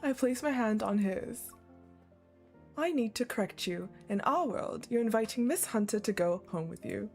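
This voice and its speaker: A woman streamer reading game dialogue aloud and reacting, animated and swearing freely as she rants to viewers. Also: a little high, moderate pace, gravelly. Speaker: gaming streamer. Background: faint game music.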